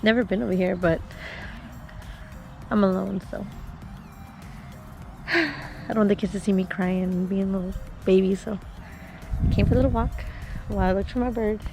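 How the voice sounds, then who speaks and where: Woman, thirties, sad from crying, rambling soft vlog talk, mid-pitched, phone mic outdoors, music loud behind. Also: steady tone, a little fast, gravelly, pauses often. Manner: tearful, soft and rambling with many fillers. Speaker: vlogger and mother. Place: outdoors in a small park.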